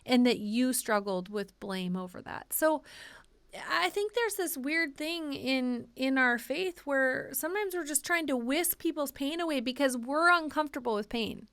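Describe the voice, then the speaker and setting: A woman's voice: sits high, animated, normal speed, fairly bright tone, no room sound. A woman guest on a podcast, speaking earnestly and heartfelt about faith and healing, often repeating words for emphasis. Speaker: podcast guest, author and ministry leader. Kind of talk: earnest faith-based conversation.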